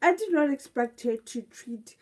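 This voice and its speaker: A woman's voice: high voice, expressive, moderate pace, darkish tone. A young woman giving a live review of a TV show, ranting indignantly and firing off rhetorical questions.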